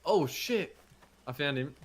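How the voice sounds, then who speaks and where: A man streaming a video game, chatting casually and telling stories in an animated, swearing way. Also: on the high side, a little slow, a little hiss or hum. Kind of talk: casual gaming stream chat. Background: game music.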